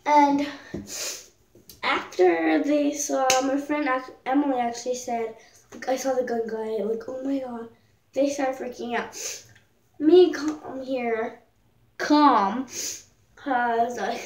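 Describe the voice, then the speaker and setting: A woman's voice: high-pitched, fairly even intonation, takes it slowly, distant mic. A teenage girl telling a story in a casual, rambling vlog, full of fillers and little jokes. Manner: rambling, filler-heavy, jokey. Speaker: vlogger. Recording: echoey room, voice a bit off-mic.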